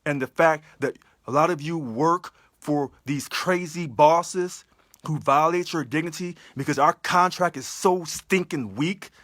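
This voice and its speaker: A man's voice: fairly high pitch, fairly bright tone, dry recording, studio quality. A man giving an impassioned livestream address as a union election candidate, emphatic, full of repeated rhetorical questions. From California.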